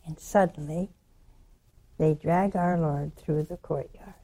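Southern woman preacher, older, slow and mellow, animated storyteller who hushes for quotes. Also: low-pitched. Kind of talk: sermon.

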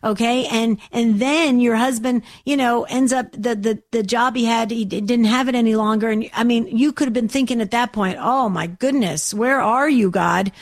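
A woman hosts a call-in radio show and talks in an effusive, gushing manner. She often repeats her words and piles up praise. Her voice sits a little high. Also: fairly even intonation, moderate pace, hardly any pauses, a little mellow. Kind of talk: call-in talk radio hosting.

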